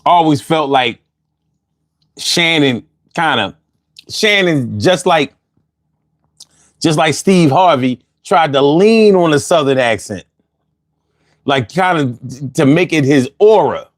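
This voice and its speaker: A man's voice: a little high, expressive, slow, long pauses, no echo, studio quality. A man hosting a casual livestream, reading out chat comments in a loose, slangy way and laughing often, a little bothered by allergies.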